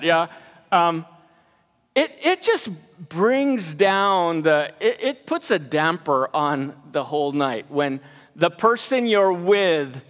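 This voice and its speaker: A man's voice: high-pitched, a bit bright. A man preaching a casual sermon as a pastor, conversational and repeating his words as he leads the church. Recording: reverberant hall.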